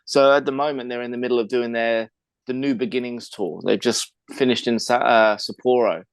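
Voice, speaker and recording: A man's voice: mid-range voice, steady tone, fairly quick, clear, resonant tone, dry recording. Chatty English man, dry close mic. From England. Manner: chatty, explains at length with fillers and restarts. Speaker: podcast co-host. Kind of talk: casual wrestling chat.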